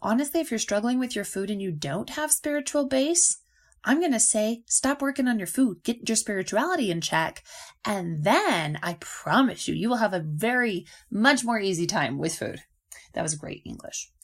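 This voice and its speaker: An animated woman coach hosts her podcast in a casual monologue. She slips into little acted-out inner voices and laughs often, with a voice of ordinary pitch for a woman. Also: normal speed. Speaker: podcast host and nutrition coach.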